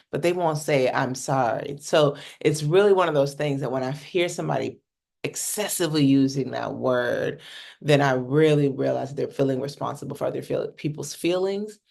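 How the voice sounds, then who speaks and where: Blunt, gravelly-voiced communication coach. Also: medium pitch, darkish tone. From North America. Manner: casual and blunt, swears freely, asks "right?" often. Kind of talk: workshop teaching talk.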